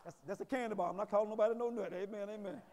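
A high-voiced man preaches a sermon, rising into shouted peaks and dropping into folksy asides. His voice rings through a church hall with a long reverb. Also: fairly even intonation, rapid-fire. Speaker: pastor. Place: church sanctuary.

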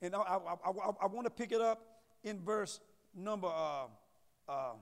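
A man preaches a sermon in a church sanctuary. He throws questions out to the congregation, repeats his key words and builds to loud emphasis. A long reverb rings behind his voice. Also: high-pitched, lively intonation, normal speed. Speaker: pastor.

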